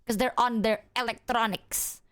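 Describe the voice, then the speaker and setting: A woman's voice: a little high, steady tone, normal speed, a bit bright, no echo. A woman streamer chatting casually with her viewers in a loose, rambling way, full of filler words and swearing.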